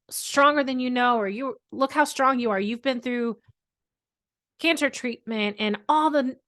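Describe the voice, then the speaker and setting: A woman's voice: mid-range voice, a bit bright. Candid woman talking about parenting. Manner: candid, conversational, many fillers, emphatic. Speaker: host, therapist and parent. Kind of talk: casual talk to camera.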